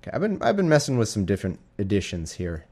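A man's voice: lowish voice, huge pitch swings, fast talker, darkish tone, slightly rough. A young man hosting a casual home podcast, rambling and self-deprecating, with frequent restarts and asides. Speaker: podcast host. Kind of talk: casual chat and scripture reading. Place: home living room with a cat.

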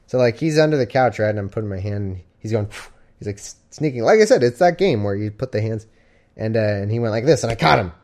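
Reading scripture on a live stream, a man keeps breaking off into rambling, sarcastic, wry commentary in a casual way. He talks fast and expressively, with a lowish voice and darkish tone.

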